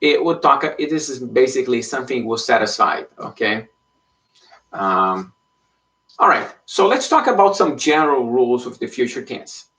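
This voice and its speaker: A very animated man with a pushed, bright, medium-pitched voice teaches Spanish online in English at normal speed. He's patient in his explanations, checks in frequently with "okay?", and is somewhat far from the mic.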